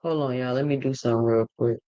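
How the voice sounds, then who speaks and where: A man's voice: mid-range voice, steady tone, fast talker, dark tone, muffled recording. A man hosting a boxing livestream, talking casually and slangily straight to his chat and reading out viewer comments.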